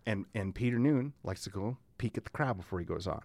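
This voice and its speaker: Animated, swearing man telling stories. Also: lowish voice, fairly quick, dry recording. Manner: animated, profane storytelling with frequent "like" and "man". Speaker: podcast co-host. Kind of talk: casual chat.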